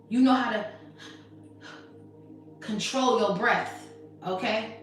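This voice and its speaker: A woman's voice: fairly high pitch, fairly bright tone, distant mic. A woman giving a spiritual tarot reading, blunt, sassy and emphatic, often swearing. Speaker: tarot reader. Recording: very echoey room, off mic, faint music.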